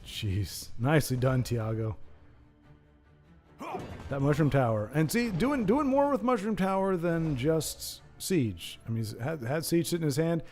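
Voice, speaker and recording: A man's voice: on the high side, unhurried, a little mellow. A man hosting a live stream, chatting with viewers and commentating a card game match in a rambling, self-mocking, jokey way. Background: background music.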